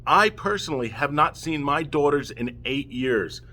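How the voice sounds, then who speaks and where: Addressing the camera directly, a middle-aged father speaking out against family courts delivers an impassioned, emotional rant, heated and pleading, often checking in with "okay?". His voice is fairly high, expressive, pushed and bright, at a moderate pace.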